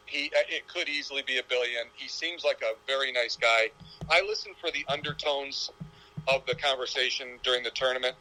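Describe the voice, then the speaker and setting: A man in his sixties, chatting as an interview guest. His voice is bright and forward, and he rambles in a reflective, storytelling way, circling back as he goes. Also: mid-range voice, poor audio. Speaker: professional golfer guest. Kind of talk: casual interview chat.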